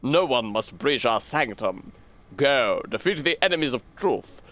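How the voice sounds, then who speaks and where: A man's voice: mid-range voice, sing-song, unhurried, fairly bright tone. An actor playing a zealous male cult leader giving solemn, proclamatory orders in a video game. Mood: commanding. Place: game audio played on a stream.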